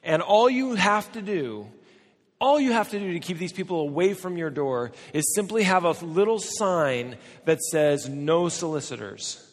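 A middle-aged American man delivers a sermon in a fairly high voice. His tone is loose and conversational, and he drops jokes and asides to the audience while he tells a story. His voice carries a long reverb from a large hall. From United States. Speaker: preacher. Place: large church or conference hall.

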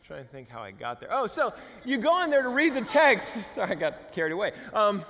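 A high-voiced, lively male pastor preaches in a relaxed, joking way, slipping into silly voices for his stories. His voice rings through a large hall with a long reverb tail. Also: a little fast. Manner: animated, jokey, acts out voices. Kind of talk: conversational sermon with humor.

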